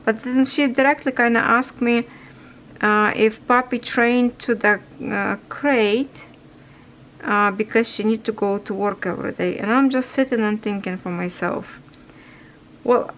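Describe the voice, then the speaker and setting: A woman's voice: fairly high pitch, a bit bright, slight background noise, rough recording. A woman chatting casually while she stitches, speaking broken, non-native English in a rambling way and sounding a little stuffy. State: stuffy nose. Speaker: cross-stitch vlogger.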